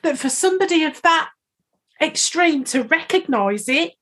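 Female podcast co-host, slightly high voice, rambling and emotional casual chat. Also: lively intonation, normal speed, a bit bright. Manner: emotional, chatty, rambling with many fillers.

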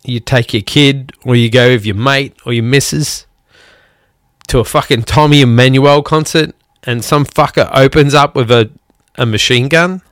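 A man from outside the United States, a musician who hosts a podcast, gives an angry monologue in a fairly bright, mid-range voice. He's blunt, curses plenty, and pauses to sigh heavily. It's a dry recording with clean studio sound.

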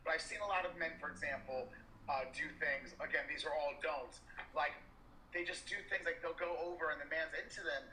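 Man, candid podcast co-host; tense, forceful voice; echoey room. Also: on the high side, brisk, slight background noise. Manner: rambling, emphatic and profane, with many restarts and fillers. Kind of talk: candid casual chat.

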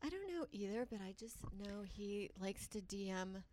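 A young woman comedian co-hosting a casual chat, joking with quick asides. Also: medium pitch, lively intonation, a little mellow. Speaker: podcast co-host, comedian.

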